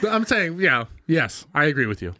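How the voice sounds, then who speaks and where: Podcast co-host, man with a fairly high, very lively voice, sarcastic banter, dry mic. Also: moderate pace, no echo. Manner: animated, playful banter, sarcastic asides. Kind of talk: casual movie recap chat.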